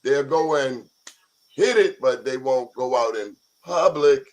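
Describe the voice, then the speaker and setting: A man's voice: mid-range voice, expressive, a little slow. A man co-hosting a talk show in casual chat, joking and teasing his guest.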